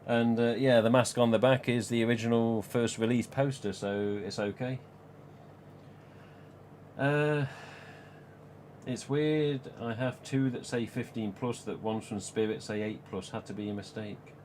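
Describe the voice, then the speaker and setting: A man's voice: medium pitch, steady tone, measured pace, a little mellow, a little hiss or hum. A man hosting a live stream, talking casually in a chatty, rambling way with frequent chuckles. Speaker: live stream host and collector.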